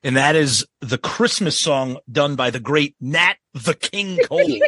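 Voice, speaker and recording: A man's voice: medium pitch, measured pace, sharp tone, no echo, studio quality. A man co-hosting a podcast, talking with gushing enthusiasm about the music he loves in casual chat. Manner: enthusiastic, gushing fan talk. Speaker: podcast co-host.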